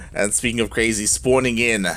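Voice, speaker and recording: A man casting a live strategy game tournament, moving from calm play-by-play to loud shouting, laughing often and talking in casual slang. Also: mid-range voice. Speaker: esports caster.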